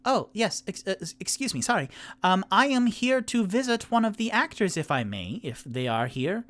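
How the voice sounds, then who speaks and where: A flustered young man from a tabletop game stumbles politely over his words, his voice pushed high and full of rising and falling swings, as a man puts him on. He stays formal and nervous, trailing off and restarting. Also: lively intonation, a little slow, dry recording.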